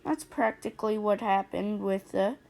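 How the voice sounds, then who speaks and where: A woman telling a personal story in a casual storytime narration, animated and acting out the quotes. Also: medium pitch, moderate pace, vocal fry.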